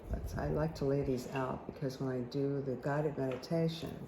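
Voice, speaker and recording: This spiritual guide speaks in a bass voice at a normal speed, with fairly even intonation, over some background noise. She rambles and chats with viewers during a tarot and angel card reading, often pausing to ask "okay?"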